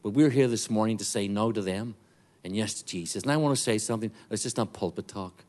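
A man's voice: fairly low pitch, brisk. Northern Irish man, middle-aged, guest preacher, jokes then fervent pulpit delivery. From Northern Ireland. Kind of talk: sermon with jokes. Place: church before a congregation.

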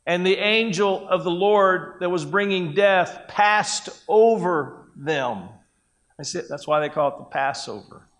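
Male pastor, unhurried sermon delivery, higher-pitched voice, conversational with acted quotes. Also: a bit bright.

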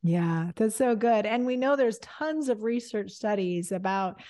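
A woman's voice: mid-range voice, expressive, measured pace, dark tone. Encouraging woman podcast host. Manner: encouraging, affirming, faith-based advice. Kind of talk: casual podcast chat.

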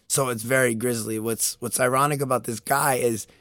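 A man's voice: medium pitch, steady tone, moderate pace, a bit bright, no echo. A young man in casual chat, telling a story animatedly with lots of fillers and laughter. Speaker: podcast co-host.

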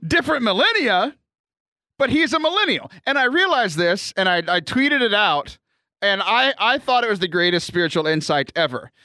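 Bright-voiced joking man, high and lively. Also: unhurried, no echo, studio quality. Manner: joking, teasing, laughs often. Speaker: podcast co-host. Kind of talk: casual chat.

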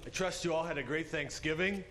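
A man in a church classroom giving relaxed announcements to a class, with many fillers. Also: fairly high pitch, a little fast, a little hiss or hum. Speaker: class organizer.

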